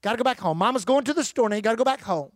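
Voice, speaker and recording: Man putting on a little old lady, coaxing, motherly, high-pitched, dry close sound. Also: lively intonation, rapid-fire, dry recording. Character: little old woman coaxing her dog home.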